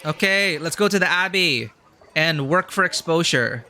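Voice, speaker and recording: A man's voice: a little high, expressive, unhurried, bright, forceful tone, a little hiss or hum. A man streaming a story game, chatting casually and thinking aloud with lots of fillers. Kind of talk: casual live-stream chat.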